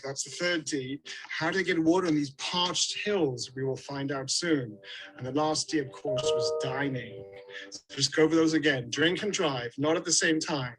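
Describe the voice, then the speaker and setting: A man's voice: a little high, normal speed, a bit bright, soft background music, rough recording. A British man leading an outdoor tour on a hilltop, jokey and enthusiastic, a little out of breath. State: slightly out of breath. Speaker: tour guide. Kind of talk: outdoor guided tour to camera.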